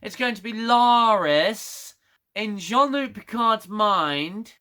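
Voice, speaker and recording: A man's voice: sits high, lively intonation, takes it slowly, smooth. A man reviewing a TV episode in a casual, sarcastic, exasperated rant. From United Kingdom. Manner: sarcastic, exasperated, laughs loudly. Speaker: TV show reviewer.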